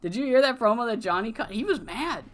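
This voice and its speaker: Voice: mid-range voice, animated, quick pace, a bit bright, lightly acted. A streamer voicing a cocky male wrestler who taunts an angry rival and dares him to a match. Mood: taunting. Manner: amused, taunting banter. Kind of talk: improvised wrestling promo while streaming.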